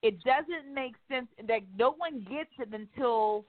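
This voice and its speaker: A woman's voice: high-pitched, unhurried, no echo. Woman talk host, emphatic, casual, cursing freely; dry, tinny phone-quality sound. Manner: animated, emphatic, profane, acts out quotes. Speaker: radio talk show host.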